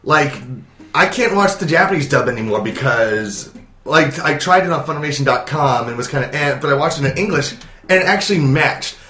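A man's voice: fairly high pitch, animated, brisk, pushed and bright. Man, podcast co-host, casual rambling review, echoey room. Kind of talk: casual chat.

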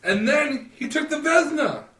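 A man with a high voice chats casually and keeps cracking jokes. He laughs often as he talks. He sounds set back from the mic in a roomy, echoey space. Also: animated, normal speed, bright, forceful tone, distant mic. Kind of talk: casual chat.

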